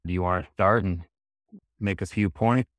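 A man co-hosting a podcast, steering the chat calmly. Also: low-pitched, normal speed, no echo. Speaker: podcast co-host.

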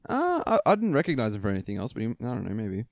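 A man's voice: medium pitch, huge pitch swings, racing, gravelly, a little mellow, no room sound, studio quality. A man co-hosting a casual comedy podcast, rambling, swearing freely and laughing often. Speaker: podcast co-host.

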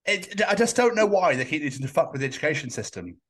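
A man's voice: a little high, sing-song, quick pace, fairly bright tone. A man from England hosting a podcast, chatting casually with lots of swearing and jokes. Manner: sweary, jokey, rambling. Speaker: podcast host. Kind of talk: casual chat.

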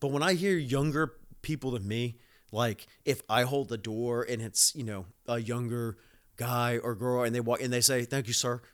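A man's voice: medium pitch, fairly even intonation, normal speed, smooth. A man, hosting a casual podcast monologue, rambling and profane with many fillers. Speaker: podcast host.

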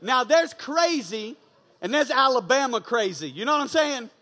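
A young man giving an energetic, conversational youth sermon and often asking "you know what I'm saying". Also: very high-pitched, normal speed. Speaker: youth pastor. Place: large church auditorium. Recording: long hall reverb.

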